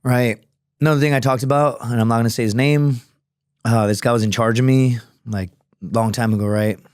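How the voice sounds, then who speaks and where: A man's voice: mid-range voice, steady tone, brisk, darkish tone, dry recording, clean studio sound. A man guest on a podcast, telling stories loosely and casually and swearing freely.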